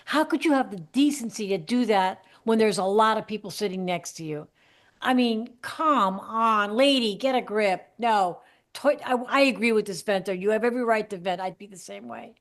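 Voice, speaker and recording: A woman's voice: mid-range voice, brisk. Brief: female podcast co-host, medium voice, casual and agreeable, stumbles into sentences. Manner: agreeable, chatty, with hesitant restarts. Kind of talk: casual chat.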